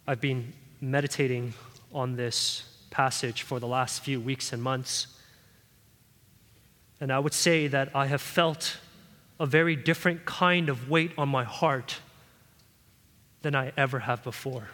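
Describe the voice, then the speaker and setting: A man's voice: medium pitch, fairly even intonation, unhurried, pauses often. Earnest pleading male preacher in a hall. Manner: earnest pleading preaching, swelling louder at key points. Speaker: pastor. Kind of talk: sermon. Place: church hall.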